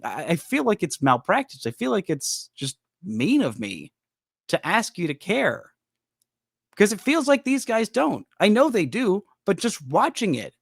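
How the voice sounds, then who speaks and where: A man with a fairly high voice hosts a solo sports podcast and vents his frustration with emphatic, exasperated delivery. His pitch swings widely as he talks. The recording is dry and close, with no room sound. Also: sing-song, a little fast, gravelly, a bit bright, no echo. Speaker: podcast host. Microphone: studio microphone.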